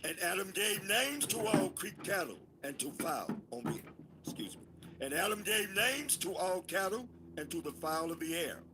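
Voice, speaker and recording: A man reading scripture aloud in a class, with a measured, formal delivery. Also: high-pitched, expressive, heavy background noise.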